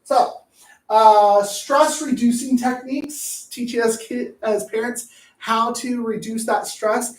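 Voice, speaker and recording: A woman's voice: a little high, fairly even intonation, slow. A woman gives a loose, chatty talk about parenting. She jokes and slips into little acted voices. She sounds some way off from the mic, in a room with plenty of echo. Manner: chatty, jokey, acts out voices and sings snatches. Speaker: parenting educator. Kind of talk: casual presentation. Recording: echoey room, voice from a distance.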